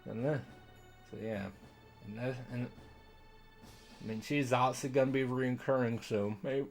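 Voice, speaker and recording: A man's voice: medium pitch, unhurried, pauses often, faint music behind. A man streaming a game, rambling and self-deprecating in casual commentary, swearing now and then.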